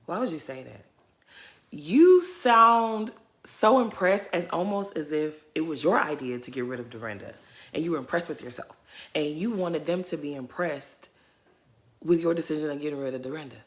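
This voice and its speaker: A sassy voice giving off-the-cuff reality TV reaction commentary. The pitch swings widely, and the tone is bright and forceful as the speaker talks straight at the people on screen. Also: animated, moderate pace.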